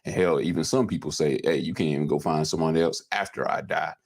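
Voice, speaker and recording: A man with an extremely deep, gravelly voice hosts a podcast in easygoing casual chat. He steers the talk from one topic to the next. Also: fairly quick, a little mellow. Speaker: podcast host.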